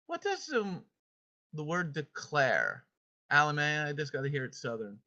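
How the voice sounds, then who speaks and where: Bright-voiced teacher on a lo-fi call. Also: medium pitch, huge pitch swings, measured pace. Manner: playful, calls on students by name. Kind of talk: online homeschool class with scripture reading. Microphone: video call. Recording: dull lo-fi call audio.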